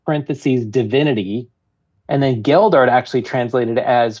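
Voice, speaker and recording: A man with a mid-range voice speaks earnestly and reads quotations with care. His delivery is steady and sincere. The sound is slightly dull and lo-fi. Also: mid-range voice, a little slow. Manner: earnest, careful reader of quotes. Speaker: podcast guest. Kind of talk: casual discussion.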